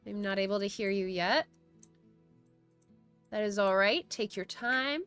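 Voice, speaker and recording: Bright, crisp-voiced woman streamer. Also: mid-range voice, unhurried, faint music behind. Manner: reads chat aloud, chatty and giggly. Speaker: streamer hosting a study stream. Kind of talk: casual live-stream chat.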